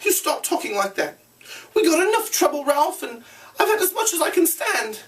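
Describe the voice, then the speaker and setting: A man reading aloud, voicing an anxious, shrill, plump boy who scolds and pleads in a squeaky high voice. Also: very animated, moderate pace, fairly bright tone, distant mic, heavily acted. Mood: shrill, pleading.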